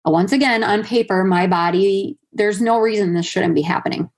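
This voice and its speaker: A woman in her thirties guests on a podcast, telling a personal story conversationally, packed with fillers and quoted asides. She speaks at a moderate pace with medium pitch and a darkish tone.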